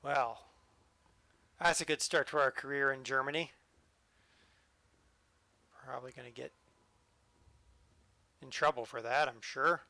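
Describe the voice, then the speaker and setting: A man's voice: medium pitch, steady tone, measured pace, pauses often, pushed and bright, no room sound. A man streaming a train simulator live, joking and chatting to the game as he drives. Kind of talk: live-stream gameplay commentary.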